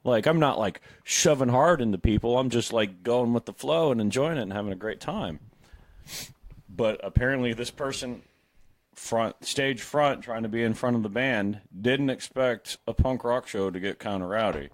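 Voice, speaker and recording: A man's voice: mid-range voice, normal speed, dry recording. A young man co-hosting a casual beer podcast, telling long rambling stories full of "like". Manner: rambling storyteller, lots of "like" fillers. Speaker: podcast co-host. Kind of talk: casual chat.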